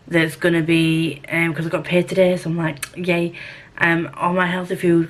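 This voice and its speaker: A young woman vlogging in a casual, rambling, animated way, poking fun at herself. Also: lowish voice. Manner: chatty, rambling, animated, self-mocking. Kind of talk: casual rambling vlog chat.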